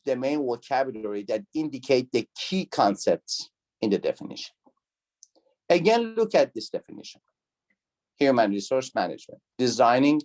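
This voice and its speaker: A man's voice: mid-range voice, a little mellow. Lecturer quizzing his class. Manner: non-native phrasing, repeats key words, asks the class questions. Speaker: university lecturer. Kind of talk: online lecture with student questions. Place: video call.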